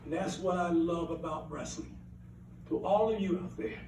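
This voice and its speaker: An older man from Alabama, USA, accepts an award at a banquet hall during an awards event, speaking in a high voice at normal speed. His speech is rambling and earnest, and he repeats key lines for emphasis. The mic picks him up from a distance in the roomy, echoey hall, with a faint hiss.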